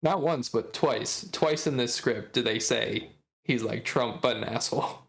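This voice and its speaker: Male co-host of medium pitch, reads script lines evenly and deliberately. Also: gravelly, a bit bright. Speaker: podcast co-host. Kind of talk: casual chat and reading a script aloud.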